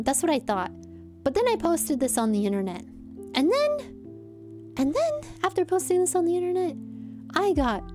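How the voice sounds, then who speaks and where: A woman's voice: high-pitched, darkish tone. A young woman telling stories in a rambling, giggly vlog chat. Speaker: streamer.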